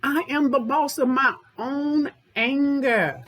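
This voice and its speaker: Woman, anger management therapist, unhurried delivery, direct and conversational, self-help talk. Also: high-pitched, fairly bright tone, slight background noise, low-quality recording. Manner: direct, conversational, repeats points for emphasis.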